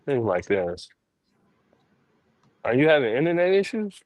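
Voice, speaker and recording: A man's voice: medium pitch, unhurried, no room sound. A man co-hosting a podcast over a remote call from outdoors, talking loosely and casually. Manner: relaxed, loose with fillers. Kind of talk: casual chat.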